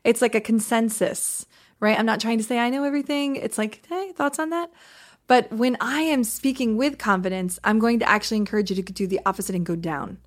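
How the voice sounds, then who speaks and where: A woman co-hosting a podcast as a confidence coach, explaining skills in an animated way and acting out quick examples. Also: on the high side. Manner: animated, demonstrates voice examples, laughs often.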